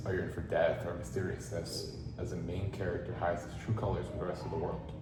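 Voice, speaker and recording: A male student answering interview questions about his own film project, earnest and steady, with small stumbles. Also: low-pitched. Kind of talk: interview-style reflection, partly read. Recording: roomy echo with steady background noise.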